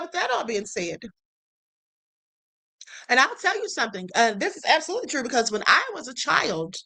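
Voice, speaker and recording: High bright woman hosting a livestream. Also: low-quality recording. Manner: emphatic, keeps asking the audience to pay attention. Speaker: livestream host. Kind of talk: commentary on viral clips.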